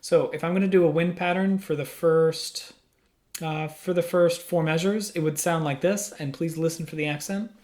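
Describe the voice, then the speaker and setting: A music teacher with a slightly high, a little mellow voice and fairly even intonation speaks at normal speed through a studio microphone. In a small room, he explains the lesson patiently, working through his own questions step by step.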